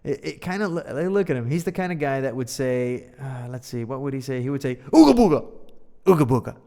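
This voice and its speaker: Man, English teacher, storybook lesson, playful asides, gravelly voice, long hall reverb. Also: mid-range voice, steady tone, fairly quick, darkish tone.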